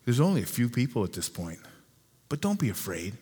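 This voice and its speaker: A man preaching a sermon as pastor, earnest, repeating and slowing down key lines for emphasis. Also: medium pitch, very animated, dark tone, husky. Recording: long hall reverb.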